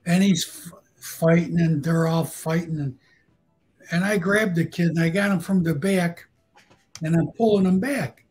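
Man, husky, higher-pitched voice, guest storyteller, profane and animated. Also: unhurried, soft background music, rough recording. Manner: profane, animated anecdotes with acted-out quotes. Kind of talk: casual storytelling.

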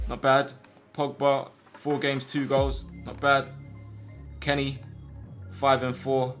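A young man giving casual, slangy commentary over his own football video game matches, with sudden loud outbursts at big plays. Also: mid-range voice. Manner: casual slangy chat to viewers. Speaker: gaming video host. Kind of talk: live gameplay commentary.

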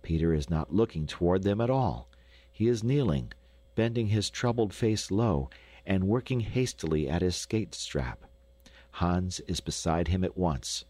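A man narrating a classic children's story for an audiobook in a lively, expressive way. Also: low-pitched, measured pace, no echo. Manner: lively, expressive, rising with excitement. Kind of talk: scripted narration. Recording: dry studio recording.

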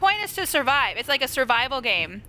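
Bright, lively young woman streamer. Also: high-pitched, brisk. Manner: screams and laughs at jump scares, chats with viewers. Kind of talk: live-streamed horror gameplay chat.

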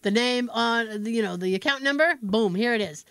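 A woman's voice: on the high side, a little fast, fairly bright tone, clear, resonant tone, no room sound. An American woman co-hosting a podcast, telling a story in a casual chat and acting out both sides of a phone call. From United States. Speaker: podcast co-host.

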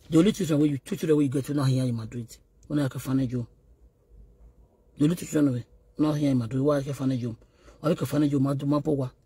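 Very husky Nigerian man ranting. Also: medium pitch, warm tone, no room sound. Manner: scolding, taunting, code-switching into Yoruba. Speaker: online video host. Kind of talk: ranting message to a rival.

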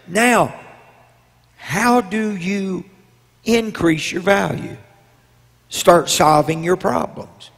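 An older man, a bishop preaching a sermon, breaking into shouted calls to the congregation. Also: high-pitched, extremely slow, creaky, long pauses, breathy edge. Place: large church sanctuary. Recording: long hall reverb.

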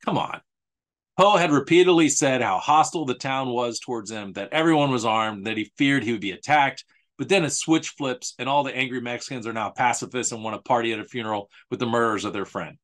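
A man's voice: medium pitch, a little fast, fairly bright tone. A man hosting a history podcast monologue, sarcastic and incredulous, mocking the claims he discusses. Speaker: host.

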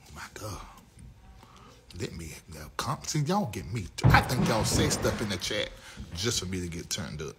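A man hosting a live talk show, with a Southern US accent, talking sassy and flamboyant to his chat, swinging from low mutters to loud outbursts. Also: big pitch swings, moderate pace, noisy background.

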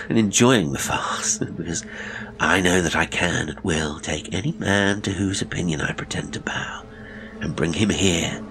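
Man reading cold suave villain, sneering, biting, very deep voice, audiobook. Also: unhurried, background noise.

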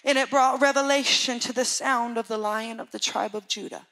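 A woman preaching a sermon with a high voice that keeps pitching upward. Her tone is bright and keen. She speaks with fervour and keeps urging her listeners to pay attention. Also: steady tone, moderate pace. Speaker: worship leader preaching. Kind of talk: sermon retelling a dream.

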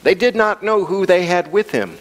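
Storytelling pastor in a reverberant church hall. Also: male voice, sits high, big pitch swings, normal speed. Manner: humorous storytelling with repetition, chuckling. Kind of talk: sermon. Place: church sanctuary.

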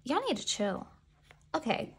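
A woman vlogger giving excitable, gushing commentary as she unboxes merchandise and talks back to the photos. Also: a little high, measured pace, breathy edge.

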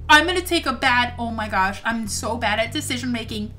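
Excitable young woman, high voice, let's play commentary, faint music behind. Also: brisk, hardly any pauses. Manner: excitable, gasping exclamations. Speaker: gaming YouTuber. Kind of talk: let's play commentary, reading story aloud.

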